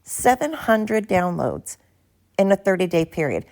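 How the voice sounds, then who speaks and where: A tired, barely awake woman hosts a casual solo podcast recorded on her phone with background noise. Her low, darkish voice has vocal fry and huge pitch swings as she rambles briskly, cheerfully swearing and poking fun at herself.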